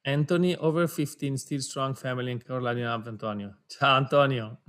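A man co-hosting a live webinar over a video call, reading out viewer names and greetings, switching languages and quick to laugh. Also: mid-range voice, a bit bright. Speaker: webinar co-host for an audio brand.

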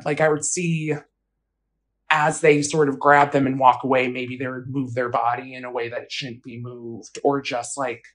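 Woman talking through what happened to her, blunt, loads of likes and ums. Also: rumbling low. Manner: casual, frequent fillers, candid and blunt. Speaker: interviewee. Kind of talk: personal account in an interview.

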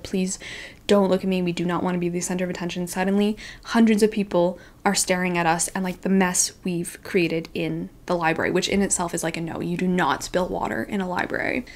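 A woman in her twenties, a book vlogger, telling a story to camera in a casual, animated, self-deprecating way, with frequent "like"s. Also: lowish voice.

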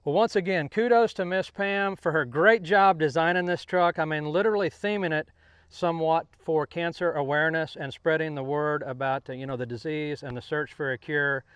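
A man with a high, bright, forward voice hosts a live stream. His talk is folksy and upbeat, the patter of a promoter who chats with guests and hypes a prize giveaway. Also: moderate pace. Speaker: host. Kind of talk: live-stream show hosting and interviewing.

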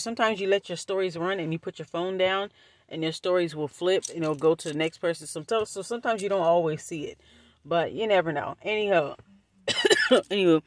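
A woman vlogger telling a storytime, talking bluntly and profanely with animated energy. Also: lowish voice, no room sound. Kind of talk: storytime vlog.

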